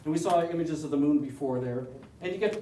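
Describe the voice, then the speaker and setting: A Canadian-accented man presenting at an astronomy club leads the audience through a hands-on session, chatty and rambling, joking and often restarting. His slightly high voice is warm and quick. He's captured from a distance in a reverberant meeting room over a faint hiss.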